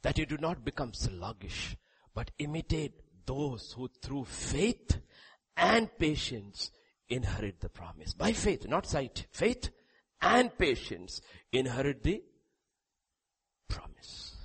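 Husky-voiced man preaching with big swings. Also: medium pitch, very animated, slow, rough recording. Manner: dynamic delivery, sudden loud rises and quiet drops; reads scripture aloud with emphasis. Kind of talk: sermon.

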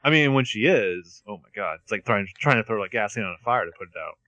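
A man's voice: on the low side, fast, dry recording. A man co-hosting a podcast, casually narrating plot beats and tossing in jokes. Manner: expressive, joking, narrates plot beats with quips. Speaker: podcast co-host recapping a TV episode. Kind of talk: casual chat.

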